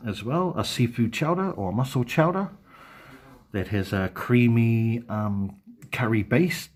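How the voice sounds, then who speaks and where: A man's voice: medium pitch, measured pace. A man chatting casually on a live stream, rambling and hesitant, full of ums and restarts.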